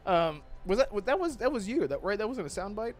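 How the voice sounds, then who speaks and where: A man's voice: sits high, sing-song, a little fast, faint music behind. A man hosting a casual live gaming podcast, laughing often and tripping over his words. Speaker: podcast host. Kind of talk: casual live-stream chat.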